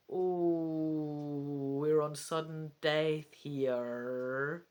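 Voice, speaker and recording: A woman's voice: deep voice, steady tone, drawn-out words, a little mellow. A woman reading a gamebook aloud and chatting through her choices, with self-mocking asides and the occasional whisper. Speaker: gamebook reader.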